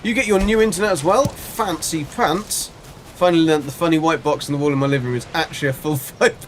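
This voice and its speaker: A man's voice: fairly high pitch, fast, slight background noise. A man chatting casually while livestreaming a game, rambling and answering his chat as he plays. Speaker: game streamer. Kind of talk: casual live gameplay chat.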